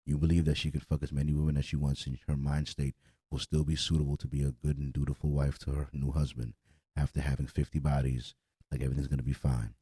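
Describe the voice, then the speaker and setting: A man's voice: rumbling low, level tone, fast, warm tone, breathy edge, no echo, studio quality. A young man hosting a podcast in a casual, blunt and profane rant. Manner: blunt, profane, repetitive, heated. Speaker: podcast host.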